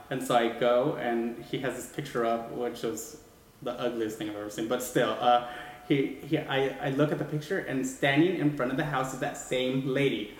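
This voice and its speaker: A man telling a ghost story in casual chat, animated and rambling with many restarts. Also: medium pitch, normal speed. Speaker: guest sharing a ghost story. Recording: echoey room with long reverb.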